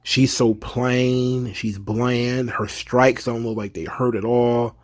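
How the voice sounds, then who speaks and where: A man's voice: medium pitch, takes it slowly. A man giving a casual, opinionated recap of a wrestling show as the channel's host. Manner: chatty, opinionated, slips into animated impressions of fans.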